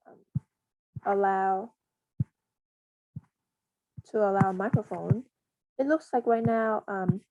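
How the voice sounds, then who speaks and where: Halting woman walking through a coding tutorial. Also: medium pitch, vocal fry, dull audio, background noise. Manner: hesitant, halting, with frequent restarts and pauses. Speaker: software tutorial presenter. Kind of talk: casual screen-recorded coding walkthrough.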